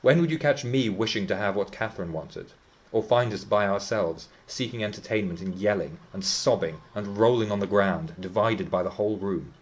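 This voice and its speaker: A man's voice: on the low side, moderate pace, natural voice. A man reading the part of Heathcliff, a brooding, defiant teenage boy, telling his tale with scorn and vehemence. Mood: scornful.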